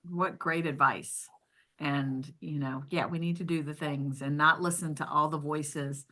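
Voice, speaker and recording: A woman's voice: low-pitched, fairly even intonation, unhurried, bright, forceful tone. A woman hosting a podcast, chatting enthusiastically with her guest, with plenty of "like" and "um". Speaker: podcast host. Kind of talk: casual podcast interview.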